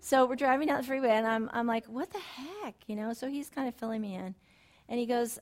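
A middle-aged woman talks fast while teaching a casual, conversational Bible study. Her personal stories rise from hushed and low to animated and forceful.

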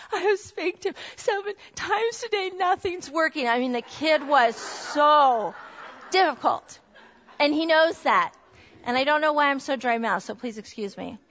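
Earnest higher-voiced woman sharing testimony. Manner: earnest, heartfelt storytelling. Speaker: speaker at a mothers' group. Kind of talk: Christian testimony talk. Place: meeting room with a group of women. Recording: dull lo-fi recording.

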